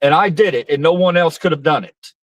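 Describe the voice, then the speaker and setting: A man's voice: a little high, fairly quick, no room sound, natural voice, poor audio. A man doing a mocking impression of a boastful grown man, bragging in grandiose, repetitive superlatives.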